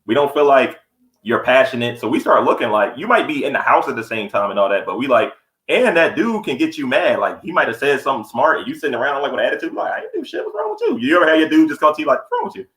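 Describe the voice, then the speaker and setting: Podcast co-host, young man, quick blunt profane storyteller, roomy echo. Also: medium pitch, lively intonation, fairly bright tone. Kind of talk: casual podcast chat. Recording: echoey room.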